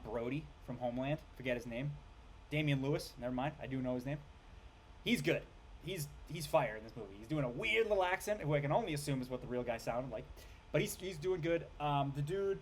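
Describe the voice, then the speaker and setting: Rambling, excitable male film reviewer. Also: fairly high pitch, brisk, a little hiss or hum. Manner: rambling, restarts and stumbles over names; excitable, swearing. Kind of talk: casual rant review.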